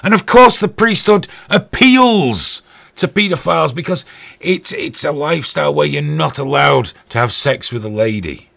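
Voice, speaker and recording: Gravelly man in a profane rant. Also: a little high, expressive, normal speed, sharp tone. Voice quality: profane, sarcastic. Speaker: host. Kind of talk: angry ranting commentary.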